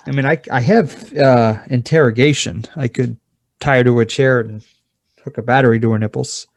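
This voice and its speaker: A man's voice: mid-range voice, steady tone, normal speed, creaky, no room sound. Joking male player, dry sound. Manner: joking, casual, hesitant with fillers. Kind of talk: casual tabletop play.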